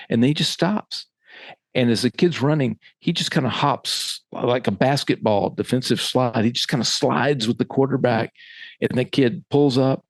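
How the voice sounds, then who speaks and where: A former middle school football coach tells a lively story in casual podcast conversation, performing the voices of the people he quotes. His voice is medium-pitched, with no echo.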